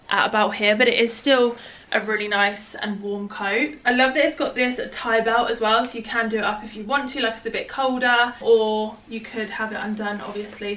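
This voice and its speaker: A woman's voice: on the high side, a bit bright, distant mic. A young woman with a chatty, gushing manner, showing off clothes in a casual try-on haul. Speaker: fashion haul vlogger. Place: home, indoors.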